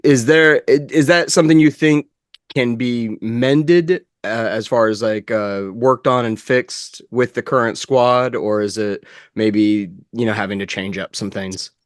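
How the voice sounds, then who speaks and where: A man's voice: mid-range voice, dry recording, studio quality. Hesitant male reporter. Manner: hesitant, halting question. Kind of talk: press conference question.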